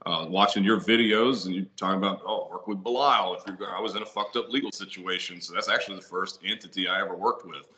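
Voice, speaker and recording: Low-voiced man rambling profanely. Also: fairly even intonation, quick pace, hardly any pauses, bright, forceful tone, poor audio. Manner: rambling, profane, many fillers and restarts. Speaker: guest, ritual seller. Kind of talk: casual podcast conversation.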